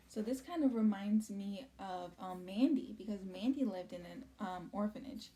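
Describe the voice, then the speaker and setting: A woman's voice: medium pitch, normal speed, few pauses, dark tone. A woman teacher reading a storybook chapter aloud to her students, chatting between passages with many ums and likes.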